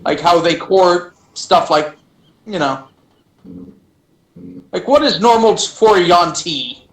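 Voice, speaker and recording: Brief: slow-talking man with a high voice, rambling tabletop player. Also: lively intonation, roomy sound, rough recording. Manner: rambling, full of fillers and restarts. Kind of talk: casual tabletop game chat.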